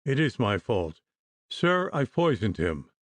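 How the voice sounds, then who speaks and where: A plump, timid apothecary with a pronounced lisp, pitched high and pleading, performed by a man reading the tale. His voice wobbles up and down as he frets, and the recording is dry and close. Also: big pitch swings, slow pace, dry recording. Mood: imploring. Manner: pleading, flustered, high-strung.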